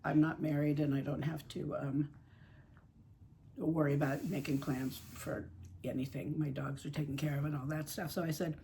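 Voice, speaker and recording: A woman's voice: sits low, little pitch movement, normal speed, vocal fry, warm tone, a little hiss or hum. A woman chatting casually while painting reborn dolls at her home craft table, rambling and fond. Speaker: reborn doll artist and channel host.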